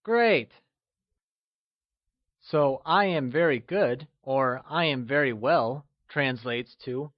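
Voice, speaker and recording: A man narrating a scripted language lesson, slow and encouraging, with deliberate explanations. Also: mid-range voice, no room sound, dull audio. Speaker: language teacher.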